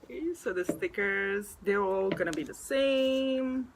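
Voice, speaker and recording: Woman vlogger, slow and high-voiced, gasping and gushing, noisy home recording. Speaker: vlogger unboxing an album. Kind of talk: excited unboxing vlog.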